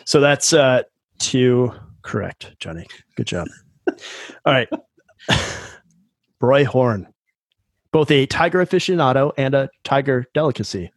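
A man's voice: medium pitch, expressive, unhurried, long pauses, no echo, clean studio sound. A man hosting a casual podcast chat and running a trivia game, joking and laughing often.

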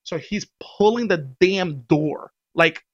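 Lively man telling a story, casual. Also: sits high, takes it slowly, lo-fi sound. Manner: animated, laughs often, acts out quotes.

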